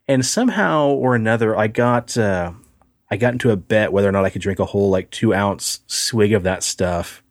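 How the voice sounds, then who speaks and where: A man with a fairly low voice co-hosts a casual podcast, spinning loose, profane anecdotes full of ums and likes. The sound is dry and close, with no room around it. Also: normal speed, dry recording. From United States. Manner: profane, rambling anecdotes with filler words. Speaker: podcast co-host. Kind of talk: casual storytelling chat.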